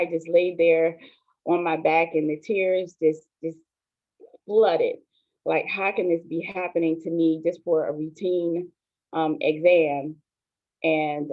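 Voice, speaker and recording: A woman in her forties, a pastor, telling her own story in a soft, hesitant, earnest way, with many pauses and ums. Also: low voice. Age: 40s. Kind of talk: personal testimony on an online show. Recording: tinny phone-like line, dry.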